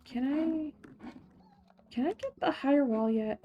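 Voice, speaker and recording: A woman's voice: high-pitched, slow pace, muffled recording, soft background music. A young woman streamer in a put-on Scottish accent, chatting casually and giggling while she plays a game, muttering to herself now and then. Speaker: streamer playing a farming game. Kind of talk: casual gameplay chat.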